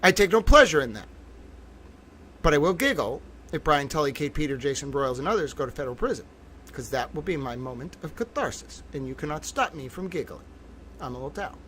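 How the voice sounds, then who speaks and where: A man hosting a livestream as a reporter, giddy and sarcastic with loud profane outbursts. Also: a little high, sing-song, brisk, a little hiss or hum. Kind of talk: ranting livestream commentary.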